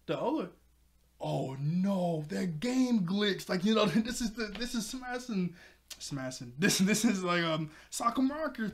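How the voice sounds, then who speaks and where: A man recapping a cartoon episode in casual chat, excitable and chatty, laughing often. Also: on the high side.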